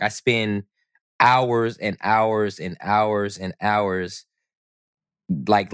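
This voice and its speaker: Male co-host, lowish voice, easygoing and teasing, reflective pace, dry close mic. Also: fairly bright tone, no room sound. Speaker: podcast co-host. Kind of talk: relaxed casual conversation.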